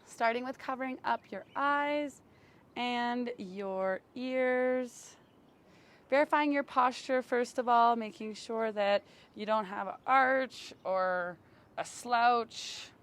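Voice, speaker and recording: A woman with a slightly high voice leads a yoga and breathwork class in slow, gentle, soothing cues. She is recorded outdoors in the sun on a camera mic. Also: steady tone. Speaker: yoga teacher. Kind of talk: guided yoga and breathwork instruction.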